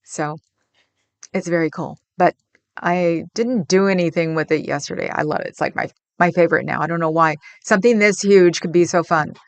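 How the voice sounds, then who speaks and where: A woman's voice: lowish voice, steady tone, moderate pace, dry recording. Chatty woman from the Bay Area. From San Francisco Bay Area. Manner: chatty, laughs often, rambling. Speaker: livestream host. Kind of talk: casual chat reading viewer comments.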